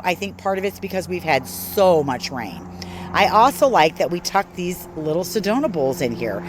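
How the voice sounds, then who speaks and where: A woman's voice: medium pitch, slight background noise. A woman from Northern Illinois giving a casual, enthusiastic walking tour of her garden outdoors, chatting to viewers as she goes. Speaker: garden vlogger.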